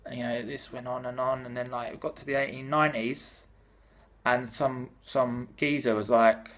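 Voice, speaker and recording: A man's voice: mid-range voice, flat delivery, moderate pace, a bit bright. A British man giving a casual, irreverent, sweary talk on history. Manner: sloppy, swearing, irreverent, offhand. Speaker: vlogger explaining history. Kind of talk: casual comic history rant.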